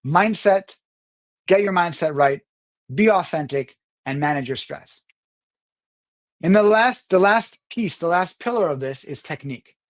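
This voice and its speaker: Man coaching public speaking. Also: unhurried. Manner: animated, swings pitch and loudness to demonstrate. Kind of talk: talk to camera on communication skills.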